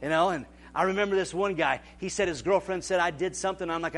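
A man preaching a sermon as pastor, animated and building to shouts. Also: high-pitched, fast talker, hardly any pauses.

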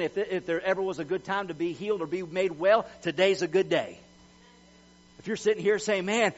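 A middle-aged man preaching a sermon in an emphatic, folksy way, repeating words as he tells personal stories. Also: on the high side. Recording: dull lo-fi recording with mains hum.

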